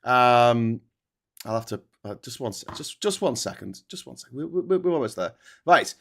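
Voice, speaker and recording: A man's voice: mid-range voice, very animated, normal speed, creaky, fairly bright tone. A man hosting a live-streamed chat show, swearing, ranting and joking over a video call. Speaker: host.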